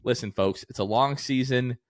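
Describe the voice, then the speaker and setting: A man in his late twenties co-hosts a casual podcast, telling stories with animated quoted voices. His voice sits at a middle pitch and is recorded close and dry. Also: moderate pace, dry recording. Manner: animated storyteller, acts out quotes. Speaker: podcast co-host. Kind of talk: casual chat.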